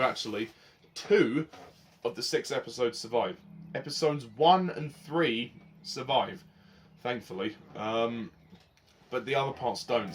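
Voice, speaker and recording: A man reviewing a TV series in a loose, unscripted way. He talks with passion and rambles, rising into heated complaint and then dropping into quieter reflection. His voice sits at an ordinary middle pitch. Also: slight background noise. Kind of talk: casual spoken review.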